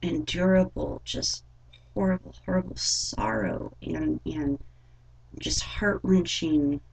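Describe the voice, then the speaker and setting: A young adult woman telling a personal story in a vlog, halting and rambling with many fillers. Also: deep voice, lively intonation, gravelly, darkish tone, breathy edge, rough recording. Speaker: vlogger.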